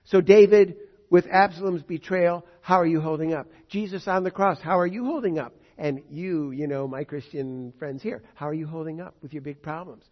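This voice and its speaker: Male preacher, slightly raised pitch, reading verses and paraphrasing them with rhetorical questions, on a dull lo-fi recording. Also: moderate pace. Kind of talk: sermon.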